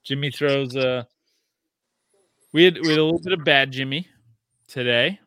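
A man in his thirties hosting a casual sports podcast, telling stories excitedly and swearing freely. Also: medium pitch, moderate pace, no room sound, clean studio sound. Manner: excitable, profane storytelling. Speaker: podcast host.

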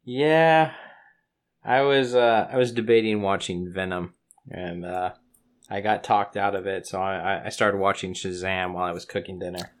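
A man's voice: low-pitched, level tone, normal speed. A man hosting a podcast in casual chat, laid-back with teasing banter. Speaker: podcast host.

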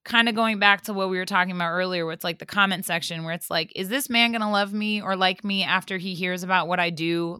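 A young woman hosting a podcast, telling a story in casual chat, animated, full of fillers and swearing. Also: lowish voice, smooth, no echo, studio quality. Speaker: podcast host.

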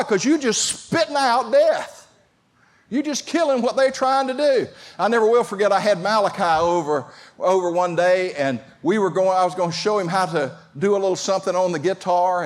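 A pastor preaching a sermon, talking conversationally and calling out to the congregation. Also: male voice, sits high. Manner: conversational preaching with audience call-outs.

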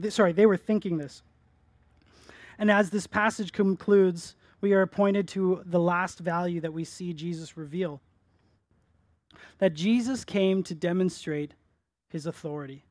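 A male pastor preaching a sermon in church, earnest, rising to emphatic peaks and dropping soft on key phrases. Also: sits high, normal speed, no room sound.

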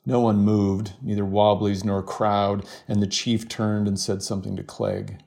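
A man, a novelist, reading from his novel in a steady, measured voice and then chatting in an interview. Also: on the low side, vocal fry. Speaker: novelist guest.

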